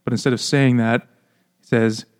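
A man's voice: mid-range voice, level tone, normal speed. A man co-hosting a book podcast, chatting casually and joking, with lots of "like" fillers. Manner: joking, rambling, many "like" fillers. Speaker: podcast co-host. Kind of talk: casual chat.

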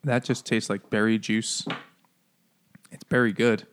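A man's voice: fairly low pitch, flat delivery, a little slow, a little hiss or hum. A man co-hosting a casual podcast over beers, joking, swearing and laughing often. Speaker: podcast co-host.

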